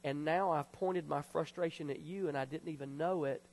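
A man preaching a sermon as pastor, passionate and then quiet and confessional. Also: on the high side, fairly even intonation, normal speed, a little hiss or hum. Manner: emotional, confessional preaching that drops to a hush. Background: soft piano music.

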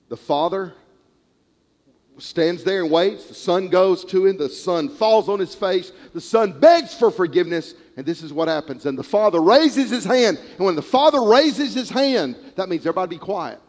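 A male preacher delivers a sermon, telling a parable with animated, storytelling energy. His voice sits high for a man, and a long reverb of a large hall trails behind every phrase. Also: normal speed. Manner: animated storytelling, acting out characters.

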